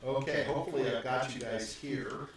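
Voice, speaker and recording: A man's voice: mid-range voice, steady tone, normal speed, heavy reverb, distant mic, noisy background. A man narrating as dungeon master of a tabletop game, switching into characters' voices as he goes.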